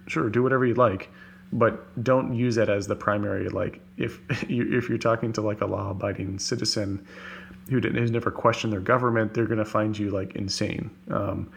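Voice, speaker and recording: A man in a relaxed conversation as a podcast guest, speaking fast with many fillers and restarts over a video call. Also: lowish voice, creaky, slight background noise. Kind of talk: casual conversation. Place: home office on a video call.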